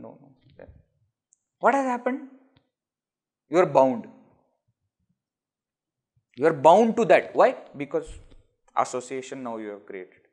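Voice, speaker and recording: A man with an Indian English accent giving a scripture discourse, explaining with rhetorical questions and everyday examples. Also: fairly high pitch. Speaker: spiritual teacher.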